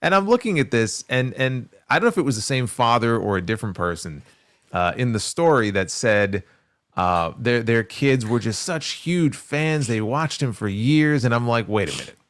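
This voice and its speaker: A man with a New York accent co-hosting a casual wrestling talk show, animated and mocking in his asides. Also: mid-range voice, normal speed, dry recording, clean studio sound. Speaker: podcast co-host.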